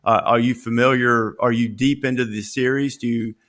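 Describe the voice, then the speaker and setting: A man's voice: mid-range voice, normal speed. A man hosting a sports podcast, chatting casually and telling stories with playful, building energy. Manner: playful, rising into animated storytelling. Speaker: podcast host.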